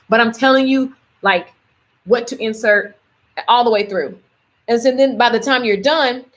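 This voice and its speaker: Chatty, animated woman coach. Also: mid-range voice. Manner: animated, chatty, addresses viewers directly. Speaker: business coach. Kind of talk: livestream coaching pitch.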